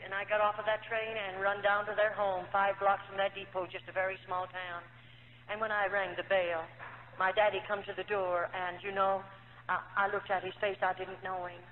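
A former nun giving an emotional personal testimony, telling her story earnestly and acting out the dialogue of the people in it. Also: mid-range voice. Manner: earnest storytelling, acts out quoted dialogue, frequent "you know". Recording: tinny lo-fi archive recording in an echoey hall.

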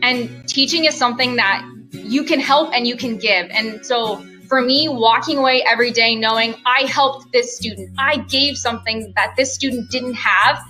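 A woman teacher talks with bright, eager enthusiasm about her work. Her voice is clear and a little high, with faint music beneath it. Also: normal speed. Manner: enthusiastic, warm-hearted. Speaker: sixth grade teacher. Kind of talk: recorded video testimonial.

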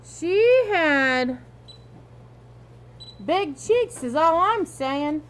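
A woman's voice: high-pitched, expressive, extremely slow, voice pushed up, exaggerated voice. A woman reading a storybook aloud, voicing a father who jokes and teases his son in a light, playful way. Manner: playful and teasing. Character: joking, playful father driving the family car.

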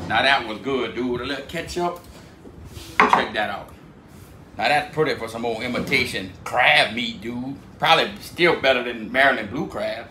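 A man's voice: mid-range voice, expressive, moderate pace, sharp tone, roomy sound, a little hiss or hum, low-quality recording. A man with a Cajun Louisiana accent, hosting a cooking video in a laid-back drawl. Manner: laid-back drawl, says "dude" a lot. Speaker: cooking channel host.

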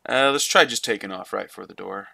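Bright-voiced, foul-mouthed gamer guy. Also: lowish voice, brisk, vocal fry, slightly rough, no echo, studio quality. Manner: swears often, talks to himself and the game. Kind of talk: let's play gameplay commentary.

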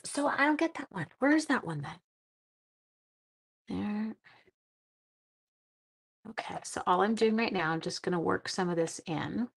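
A woman's voice: medium pitch, fairly bright tone. A middle-aged woman chatting to viewers during a casual live-stream card-making demo, with silly sound effects.

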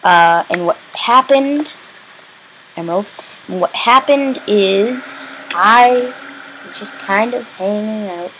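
A man giving rambling, chatty video game commentary as a channel host, breaking into exasperated yelling when things go wrong. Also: sits high, takes it slowly, slight background noise, poor audio.

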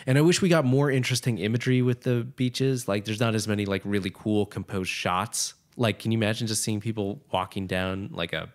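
A man's voice: on the low side, fairly even intonation, a little fast, few pauses. A man co-hosting a casual film commentary podcast, rambling critically with lots of fillers like "like". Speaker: podcast co-host.

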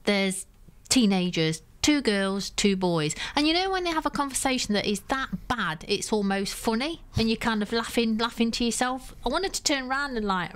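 A woman's voice: mid-range voice, moderate pace. A woman co-hosting a radio show, telling a story and acting out what people said. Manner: animated storyteller, acts out quotes. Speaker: radio co-host. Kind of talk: casual radio chat.

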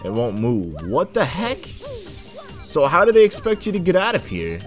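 A man's voice: fairly high pitch, normal speed, soft background music. A man casually commenting as he plays a video game and voices its characters. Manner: casual, lively, says dude a lot. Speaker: gaming video host. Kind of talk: casual let's play commentary.

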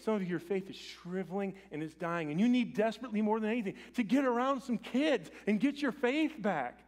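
A man preaching a sermon as pastor in a church, swinging from loud urgent appeals to quiet, intimate lines. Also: high voice, animated, brisk, hardly any pauses. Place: church sanctuary.

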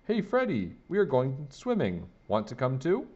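A man's voice: medium pitch, huge pitch swings, moderate pace, darkish tone, voice pushed up. A man voicing a cocky, playful young boy in a storybook, bold and teasing. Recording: dull lo-fi recording.

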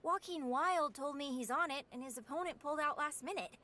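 A woman's voice: high voice, fairly quick, sharp tone. A woman voicing a chatty, blunt young woman in a video game, teasing and bubbly in her manner. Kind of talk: video game character dialogue.

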